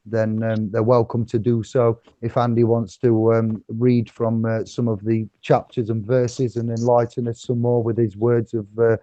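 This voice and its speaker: A man's voice: mid-range voice, little pitch movement, moderate pace, hardly any pauses, mellow, dry recording, muffled recording. A man hosting a casual online chat show, rambling and chuckling with many fillers. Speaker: host.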